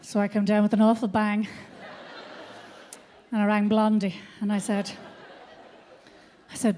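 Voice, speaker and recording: A middle-aged Irish woman performing a stand-up comedy routine on stage, an animated storyteller who swears freely. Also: mid-range voice, measured pace, pauses often, some chatter behind, a little hiss or hum. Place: theatre stage before a live audience.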